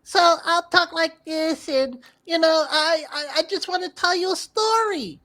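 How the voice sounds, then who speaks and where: A very high, squeaky cartoon voice settles into a slow, sing-song storytelling rhythm with small stammers, as a man shows off a put-on voice. It sounds playful and deliberately unlike a normal speaking voice. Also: bright, forceful tone, heavily acted.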